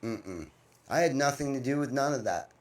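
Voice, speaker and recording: Male podcast host, mid-pitch, blunt and profane, animated storyteller. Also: normal speed. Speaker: podcast host, business owner. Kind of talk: casual chat.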